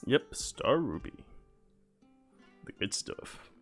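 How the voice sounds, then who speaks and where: A man's voice: slow, soft background music. A man giving offhand, rambling commentary while playing a video game. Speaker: gamer. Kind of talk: casual gameplay commentary.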